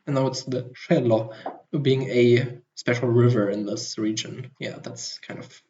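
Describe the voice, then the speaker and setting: A man's voice: medium pitch, fairly even intonation, unhurried, darkish tone, lo-fi sound, slight background noise. A man co-hosting a podcast, explaining in a loose casual way with fillers. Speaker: podcast co-host.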